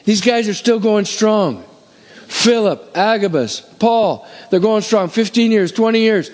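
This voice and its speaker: A middle-aged man preaches to his congregation, his voice high for a man. He rattles off numbers fast like an auctioneer, then settles into steady teaching. The sound rings with the long reverb of a church hall. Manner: energetic, rapid counting like an auctioneer. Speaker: pastor. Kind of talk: sermon.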